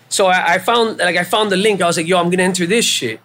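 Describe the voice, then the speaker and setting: A man, a podcast guest, telling a story in casual chat, animated and profane, acting out back-and-forth conversations. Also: high-pitched, rapid-fire, few pauses. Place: live show at a venue.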